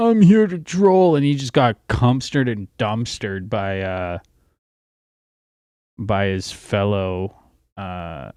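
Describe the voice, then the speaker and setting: A man's voice: on the low side, darkish tone, clean tone, no room sound, studio quality. A young man hosting a livestream, ranting in a profane, rambling way while distracted by his phone and screen. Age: young adult. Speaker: livestream host. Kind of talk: casual livestream rant.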